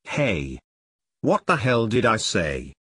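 Brief: man doing a grouchy little old pumpkin elf for a spooky storybook, husky and snappish. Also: fairly low pitch, very animated, slow pace, sharp tone, full character voice. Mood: angry. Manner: angry, gruff old man voice.

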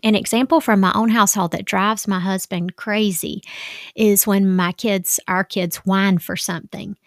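A woman's voice: mid-range voice, fairly even intonation, normal speed, no room sound, clean studio sound. A woman in her thirties, a mother giving advice in a casual, chatty monologue, acting out quoted dialogue. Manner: chatty, acts out quoted dialogue, many "like" fillers.

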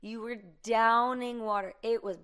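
A woman's voice: a little high, fairly even intonation, a little slow, a bit bright, smooth. A young woman in casual chat, recalling events with a friend in a chatty, laughing way.

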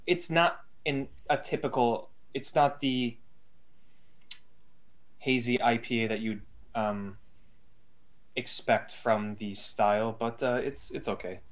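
A man in a casual co-hosted chat, talking through a beer at an easy, rambling pace. He circles back, restarts, and fills the gaps as he goes. His voice sits in a middle pitch for a man. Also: slow pace, long pauses. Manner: relaxed, rambling with fillers and restarts. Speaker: podcast co-host.

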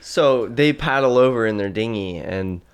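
A man's voice: medium pitch, lively intonation, normal speed, clean tone. A man co-hosting, steadily narrating an improvised comedy story with friends.

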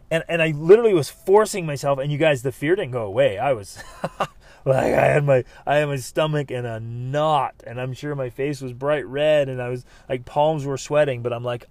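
A man's voice: medium pitch, normal speed, no room sound. Earnest man telling a podcast story. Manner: earnest, animated storytelling with many restarts. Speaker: podcast host. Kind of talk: motivational podcast monologue.

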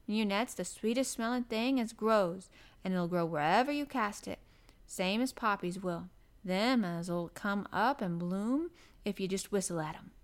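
A woman's voice: mid-range voice, measured pace, natural voice. A woman doing a cheerful moor boy. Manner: broad dialect, cheerful and easygoing. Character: friendly young country boy, easy and unafraid.

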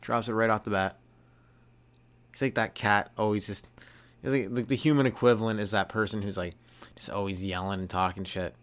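A man's voice: lowish voice, steady tone, moderate pace, long pauses, fairly bright tone. A young man hosting a comedy podcast, rambling through a casual monologue, swearing and laughing at his own jokes.

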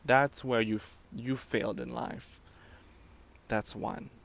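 A young man venting about his fast food job in a profane, animated, sassy rant. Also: medium pitch, gravelly. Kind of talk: casual rant to camera.

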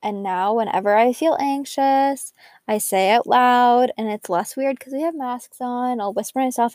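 A young woman talks frankly about her recovery, bubbly and conversational with frequent "like" fillers. Her fairly high, darkish voice moves at a moderate pace, and the clean studio sound carries no echo.

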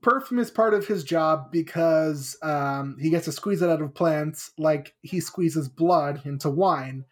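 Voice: mid-range voice, unhurried, few pauses. A podcast co-host casually recapping a book chapter, acting out the characters' lines as she goes. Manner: animated, acts out characters' lines in quotes.

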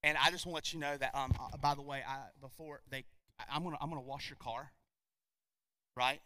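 A man voicing a remorseful male criminal who pleads with a judge in a low, hushed voice, rambling and full of self-pity. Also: steady tone, fairly quick, dry recording, close to an everyday voice. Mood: pleading.

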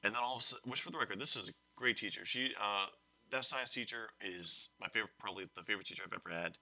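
A young man with a lowish voice talks very fast, casually telling a story on a podcast. It's an animated retelling that rambles as he corrects himself along the way.

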